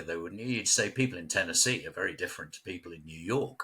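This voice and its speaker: Fast-talking and lively in his intonation, this man has a low voice with a sharp tone and a breathy edge. He's a West London Englishman chatting casually as a local guest, full of stories and frequent laughter.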